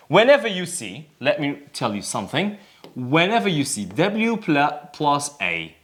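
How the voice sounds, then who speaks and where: A man teaching an English lesson, explaining step by step, repeating key words and putting questions to the class. His first language is Kurdish. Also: a little high. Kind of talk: classroom grammar and pronunciation lesson.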